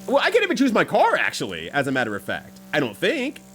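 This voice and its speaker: A man's voice: on the high side, wildly swooping pitch, fast talker, a bit bright, slight background noise. A young man streaming a racing game, chatting casually with viewers, swearing freely and laughing often.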